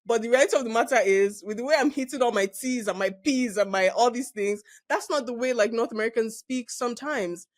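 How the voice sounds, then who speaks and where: A woman with a Nigerian English accent and a slightly high voice hosts a relaxed interview. She talks with lively emphasis, laughs freely and often circles back to finish a thought. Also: fairly quick, hardly any pauses. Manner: animated and emphatic, laughs often, trails off and restarts. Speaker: podcast host. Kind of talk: casual conversational interview.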